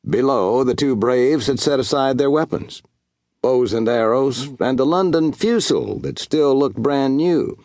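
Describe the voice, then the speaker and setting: A man narrating a western audiobook in a measured, expressive storytelling voice. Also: mid-range voice, no echo.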